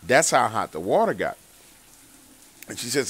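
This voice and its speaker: Male host, casual horror storyteller, loose and profane, bright forward tone, low-ish voice, dry close sound. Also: huge pitch swings, brisk, long pauses. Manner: loose, profane, conversational retelling of callers' stories. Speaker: host of a paranormal story show. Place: in a car while driving.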